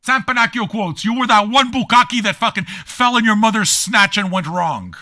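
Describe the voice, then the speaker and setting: A man's voice: high-pitched, lively intonation, normal speed, pushed and bright. Crude, mocking man ranting at chat. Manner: mocking, combative and crude, with laughing jabs. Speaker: DJ and livestream host. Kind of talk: profane rant at chat viewers.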